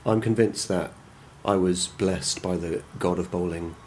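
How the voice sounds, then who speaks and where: A man's voice: sits low, steady tone, a little slow, a little mellow, a little hiss or hum. A man hosting an interview, asking probing questions in a dry, teasing manner. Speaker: podcast host, interviewer. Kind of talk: conversational interview.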